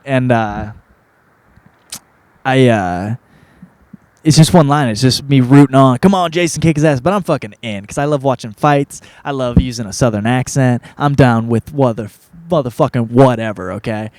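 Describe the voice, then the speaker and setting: A podcast host in his thirties talks through his story in a loose, meandering, laid-back way, swearing casually and using constant filler words. His voice sits at an ordinary middle pitch, slightly mellow, at normal speed, and the close, dry recording keeps it intimate.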